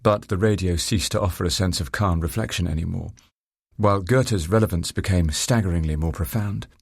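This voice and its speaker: A man narrating a first-person story in a reflective, measured and formal way. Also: low-pitched, vocal fry, husky, no room sound, clean studio sound.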